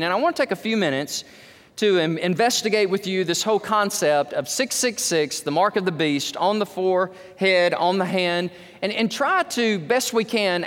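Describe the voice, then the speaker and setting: High-pitched guy preaching a sermon, gets loud then drops low, echoey church hall. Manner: animated preaching, wide swings in pitch and loudness. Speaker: pastor.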